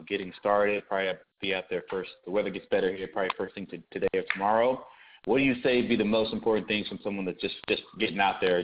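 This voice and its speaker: A man new to sales calling in with a question, sounding eager and restarting his sentences. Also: lowish voice. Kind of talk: casual call-in question. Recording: muffled call audio with faint noise.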